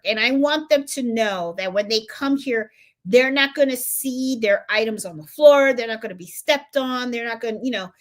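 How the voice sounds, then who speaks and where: Chatty woman live-streaming, a bit high. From Puerto Rico. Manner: chatty, greets viewers and reads chat comments aloud; lots of fillers and repeated words. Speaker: embroidery channel host. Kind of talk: casual live stream chat.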